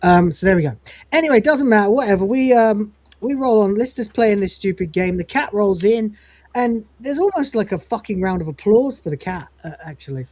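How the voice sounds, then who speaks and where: Dark husky woman retelling scenes. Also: medium pitch, fairly quick. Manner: animated, mimics characters' lines, laughs often. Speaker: podcast co-host reviewing episodes. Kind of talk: casual chat, retelling scenes with quoted lines.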